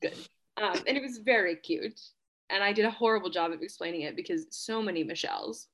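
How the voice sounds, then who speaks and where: A woman's voice: mid-range voice, fast, a bit bright, a little hiss or hum. A woman co-hosting a casual podcast, playfully acting out quotes as she retells them. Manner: playful, quotes others in silly voices. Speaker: podcast co-host. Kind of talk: casual recap chat.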